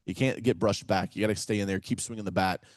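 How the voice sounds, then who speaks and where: A Kentucky man, a real estate investor appearing as a guest on a casual podcast interview, speaks fast in a fairly low voice with no echo. He tells stories energetically, acting out phone calls in a folksy way and often tossing in "man" and "right?"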